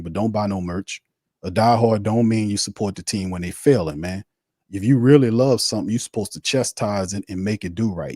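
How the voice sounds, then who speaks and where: Low-voiced dude ranting about his team on a live watch party stream, blunt and repetitive, dry close sound. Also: a little mellow, no room sound. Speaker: sports podcast host.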